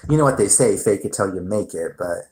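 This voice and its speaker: A man's voice: low voice, animated, a little fast, a little mellow, low-quality recording. A man hosting his own livestream, chatting casually and telling a rambling story with some swearing. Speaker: livestream host.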